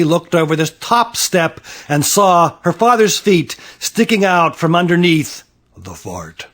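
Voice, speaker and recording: A man reading his own picture book aloud to children, playful, with slow dramatic pauses. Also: medium pitch.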